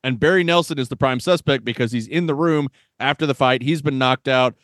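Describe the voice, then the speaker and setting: A man in his thirties co-hosting a podcast, joking about old movies in a wisecracking, animated way and laughing often. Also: medium pitch, fairly quick, dry recording, clean studio sound. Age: 30s. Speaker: podcast co-host. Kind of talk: casual movie-review chat.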